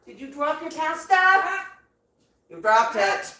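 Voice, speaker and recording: A woman hosting a casual livestream, cooing and chatting gently to her pet parrots in between reading viewer comments. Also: sits high, sing-song, takes it slowly, distant mic. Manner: coos and talks gently to her birds. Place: indoor room with pet parrots. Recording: very echoey room, voice away from mic, faint noise.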